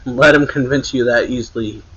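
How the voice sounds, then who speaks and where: A man reading the lines of an angry, hot-headed young male soldier in a quick, raised voice. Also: mid-range voice, fairly even intonation, breathy edge, dull audio, natural voice. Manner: reads quotes in a quick, raised voice.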